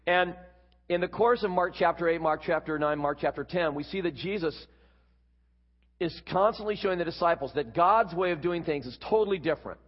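A man's voice: on the high side, dull audio. Preacher man in an echoey hall. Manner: explanatory teaching, quick asides. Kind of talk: sermon.

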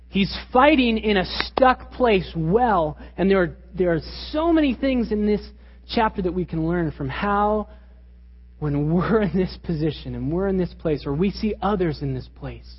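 A pastor preaching a sermon with emphatic delivery and rhetorical questions, in a church hall. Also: male voice, high-pitched, slightly rough. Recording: reverberant, dull lo-fi hall recording.

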